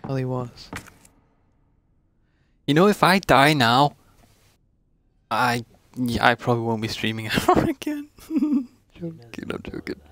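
A man's voice: medium pitch, big pitch swings, unhurried, long pauses, fairly bright tone. A man streaming a game live, talking to himself in a frustrated, self-mocking way and swearing a lot. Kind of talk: live gameplay commentary.

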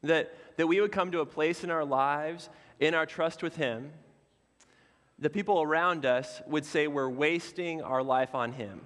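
A man delivers a sermon from the pulpit in a loose, conversational style, dropping in fillers and friendly asides. His voice sits a little on the high side for a man. The sound rings with the long reverb of a church sanctuary. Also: measured pace, a bit bright. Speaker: pastor.

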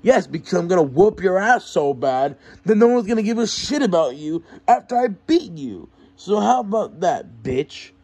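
A man's voice: high voice, very animated, moderate pace, few pauses, a little mellow, slightly rough, pitched above the performer's own voice, heavily acted. A man doing Bowser Jr, a foul-mouthed cocky young fighter. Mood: taunting. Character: trash-talking young male turtle prince fighter, cocky. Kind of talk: mock fight press conference.

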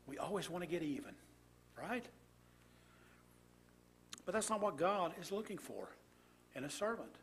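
A man's voice: high voice, expressive, unhurried, pauses often, a little hiss or hum. A man preaching a sermon, reading scripture aloud and commenting with rhetorical questions to his congregation.

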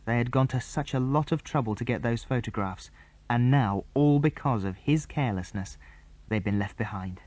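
Mellow male storybook narrator. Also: mid-range voice, moderate pace. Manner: clear, even storytelling. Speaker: audiobook narrator.

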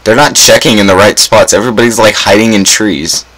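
A man's voice: on the low side, a little fast, a bit bright, low-quality recording. A young man giving casual gameplay commentary, full of self-mocking groans and dramatic exclamations. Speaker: gaming YouTuber.

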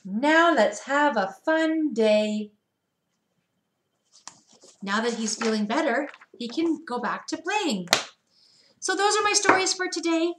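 A preschool teacher reads picture books aloud in a gentle, sing-song way, stopping to ask the children questions. Her voice sits a little high for a woman, and it rings in a roomy, echoey space. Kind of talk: storybook read-aloud for young children.

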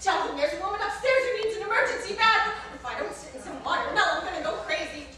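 A woman's voice: very high voice, animated, quick pace, bright, forceful tone, slight background noise, full character voice. An actress on stage playing an anxious, exhausted middle-aged wife who pleads with her husband, her voice rising and breaking. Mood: pleading. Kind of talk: live stage play. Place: theater stage. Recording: echoey theater, mic far from stage.

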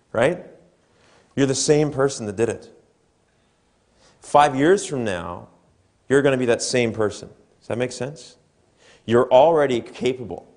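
A man's voice: mid-range voice, darkish tone. A man giving a motivational keynote at a conference, talking conversationally and asking the audience questions. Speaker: keynote speaker. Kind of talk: motivational seminar talk. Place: conference hall before an audience.

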